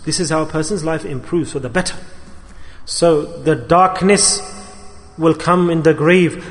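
Man, high voice, impassioned sermon, echoing hall. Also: fairly even intonation, measured pace. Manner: impassioned, rises and falls in emphasis, quotes figures in his own voice. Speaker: preacher. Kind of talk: sermon storytelling. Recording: hall reverb.

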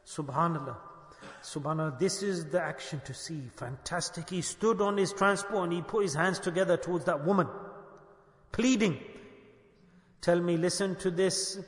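A man's voice: sits high, moderate pace. Fervent man preaching in an echoey hall. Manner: fervent, rises to emphatic outbursts. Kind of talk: storytelling sermon.

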